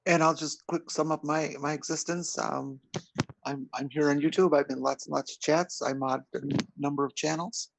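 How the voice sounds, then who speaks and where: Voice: mid-range voice, fairly even intonation, normal speed, vocal fry, dry recording, low-quality recording. A podcast guest chatting casually who hesitates and often repeats words. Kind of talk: casual chat.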